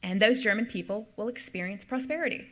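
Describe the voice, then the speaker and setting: A woman's voice: mid-range voice, quick pace, a bit bright. A middle-aged woman, a history professor, giving an explanatory lecture and repeating key points for emphasis. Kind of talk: lecture with slides.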